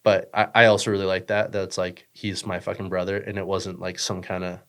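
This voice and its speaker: A man's voice: sits low, level tone, fairly quick, fairly bright tone. A young man chatting casually as a podcast guest, rambling with lots of fillers, swearing and joking. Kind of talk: casual chat.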